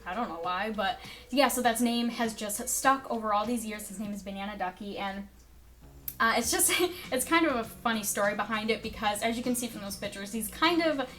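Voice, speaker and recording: A young adult woman chats straight to the camera in a relaxed vlog. She rambles through her stories, leaning on "like" and "um" as she goes. Her voice sits at an ordinary middle pitch. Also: fairly quick, faint music behind. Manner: rambling, filler-heavy storytelling with frequent "like" and "um". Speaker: vlogger. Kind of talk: casual chat to camera.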